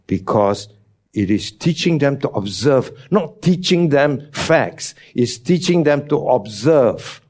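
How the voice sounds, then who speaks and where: A man's voice: medium pitch, a little mellow. A man preaching a teaching sermon, emphatic, his voice jumping up on key words, with non-native English phrasing.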